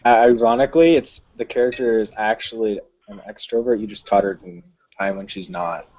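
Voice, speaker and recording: A man's voice: lowish voice, fairly quick, a little mellow, dull audio. Wry, hesitant male player. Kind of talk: casual tabletop game chat.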